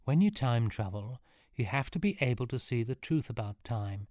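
A man's voice: mid-range voice, lively intonation, moderate pace, a little mellow, no room sound, studio quality, lightly acted. A man voicing a vain, showy girl who speaks in a prim, fussy way.

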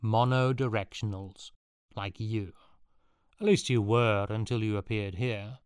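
A man's voice: lowish voice, steady tone, a little slow, clean tone, no room sound, studio quality, natural voice. Man reading a snooty tall boy in a storybook, smug and condescending. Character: tall, superior, sneering boy.

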